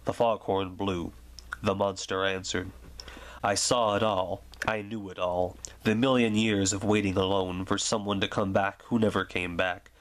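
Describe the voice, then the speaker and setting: A man giving a soft, slow, soothing ASMR reading of a story for sleep. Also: low voice, flat delivery. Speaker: reader.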